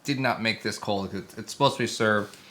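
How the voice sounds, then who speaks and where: A man co-hosting a casual live stream, animated, laughing easily and describing the taste of a beer. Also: lowish voice, brisk. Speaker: co-host.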